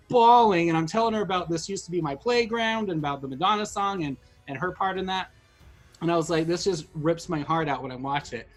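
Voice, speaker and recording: Middle-aged guy rambling on a podcast, kinda high voice, faint music behind. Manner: rambling and emotional, many restarts. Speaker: podcast co-host. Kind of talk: casual podcast chat.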